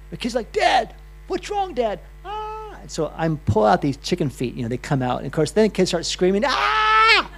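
A middle-aged man gives a health talk to a room full of people. He is chatty and loose, stumbles and restarts often, and speaks in a gravelly, mid-pitched voice. A faint electrical hum sits under the recording. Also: darkish tone. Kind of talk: live talk to an audience.

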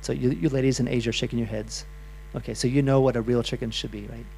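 Chatty man with a gravelly voice. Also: mid-range voice, fairly even intonation, fast, a little mellow, a little hiss or hum. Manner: loose, chatty, with restarts and asides. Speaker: health speaker. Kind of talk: live talk to an audience.

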